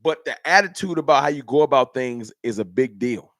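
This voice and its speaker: This livestream host, a man, addresses his chat viewers directly during a casual fan stream, his medium-pitched voice lively and fairly quick. The camera-mic audio has no room sound and is studio quality.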